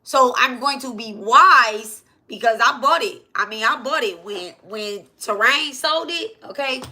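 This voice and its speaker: Woman, casual spiritual teacher, bright voice, keeps checking in with listeners. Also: on the high side, unhurried. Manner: repetitive, asks "okay?" and "right?" often.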